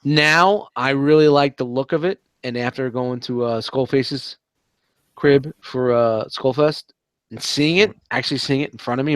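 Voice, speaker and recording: A man's voice: mid-range voice, moderate pace, clean tone, dry recording. A male podcast co-host in casual chat, enthusiastic and swearing a lot. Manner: enthusiastic, heavy swearing, says "man" a lot.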